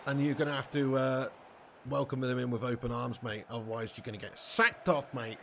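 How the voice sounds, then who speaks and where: A man's voice: mid-range voice, a little fast, gravelly, a bit bright, a little hiss or hum. A man live-streaming a football game, bantering casually with his chat, reading out comments and swearing freely.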